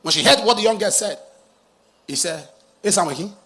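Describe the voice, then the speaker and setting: A man preaching a sermon, telling a cautionary story with dramatic rises and drops in loudness. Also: high voice, animated, normal speed, a little hiss or hum. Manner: dramatic storyteller, rises to loud emphatic peaks. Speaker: pastor.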